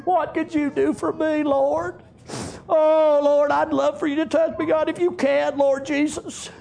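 A man's voice: sits high, expressive, slow, darkish tone, breathy edge, pitched above the performer's own voice, full character voice. A man voicing a desperate old male leper inside his sermon, begging and crying out "Lord" again and again. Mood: pleading. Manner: begging, repeating "Lord" and "I'm unclean".

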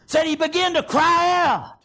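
A man preaching a fervent sermon, shouting often and tagging "amen" onto his lines. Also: very high voice, unhurried.

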